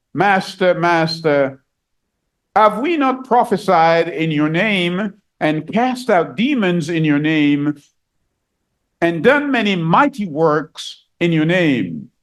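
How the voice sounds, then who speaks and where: Man, preacher, sermon, high voice, very animated, reads scripture, repeats key phrases. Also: slow pace. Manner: rises higher and louder for emphasis.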